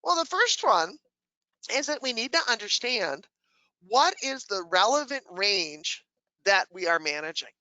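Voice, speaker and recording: A woman's voice: medium pitch, big pitch swings, unhurried, pushed and bright, no room sound, poor audio. A woman giving a webinar presentation who asks the audience questions and answers them herself, with dry humor.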